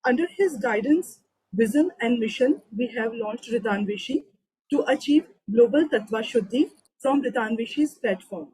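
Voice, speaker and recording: A woman with a soft, breathy, mellow voice reads a formal introduction of the guest teacher. The sound is close and dry, with no room around it. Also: on the high side, lively intonation, normal speed, no room sound, low-quality recording. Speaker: host.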